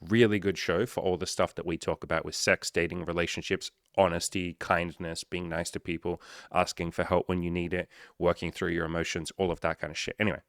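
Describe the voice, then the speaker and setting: A man's voice: low voice, flat delivery, a little fast, hardly any pauses, a bit bright, dry recording, clean studio sound. A man coaching listeners in a casual solo podcast, loose and joking with frequent swearing and rambling asides.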